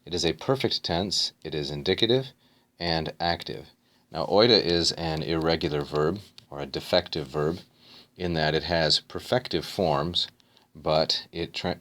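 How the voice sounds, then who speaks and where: A man teaching a grammar lesson, working through a text and parsing each word in a slow, methodical way. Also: extremely low pitch, a bit bright. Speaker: Greek teacher.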